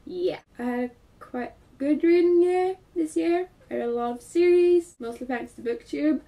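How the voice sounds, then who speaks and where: A woman book vlogger with a cold, chatting in a casual, excitable way and rambling with filler words. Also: high-pitched, normal speed, distant mic. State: congested with a cold. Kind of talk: casual book review chat.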